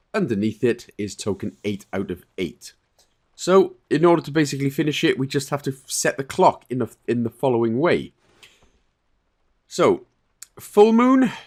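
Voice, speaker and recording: A man casually talking through a puzzle game walkthrough, relaxed and chatty, with fillers and quick self-corrections. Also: mid-range voice. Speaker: game guide creator.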